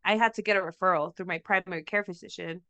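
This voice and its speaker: Bright, clear woman with a faint Mexican accent. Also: fairly low pitch, steady tone, fast, no echo. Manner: laughing, profane storytelling. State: sick. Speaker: podcast co-host. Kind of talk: casual chat.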